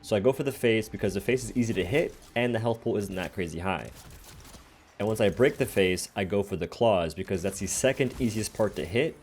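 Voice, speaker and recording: A man's voice: lowish voice, a little fast, a little mellow, soft background music. A man who hosts a gaming channel, casually explaining his game builds step by step in a voice-over.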